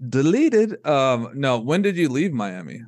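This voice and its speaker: A woman co-host with a very low voice that swings widely in pitch. She talks slowly and chimes in with short, amused comments. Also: big pitch swings, darkish tone. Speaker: podcast co-host. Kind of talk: casual chat.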